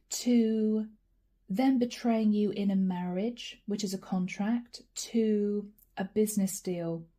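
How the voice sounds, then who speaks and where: A woman reads tarot cards for her viewers in a soft, mellow voice and talks straight to the camera. She names each card as she turns it over and stops for sighs and small asides. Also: medium pitch. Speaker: tarot reader. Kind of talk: channeled tarot reading.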